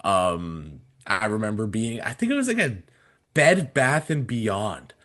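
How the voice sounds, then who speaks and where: A man's voice: on the low side, sing-song, unhurried, a bit bright. A man in his twenties casually telling a story on a podcast, rambling with many fillers and restarts. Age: 20s. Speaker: podcast panelist.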